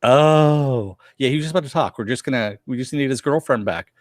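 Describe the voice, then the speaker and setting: A man's voice: medium pitch, a little fast, dry recording, clean studio sound. A man hosting a casual review chat, recapping scenes and acting out the characters' lines. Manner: animated, acts out characters' lines with laughs. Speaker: podcast host reviewing a cartoon episode.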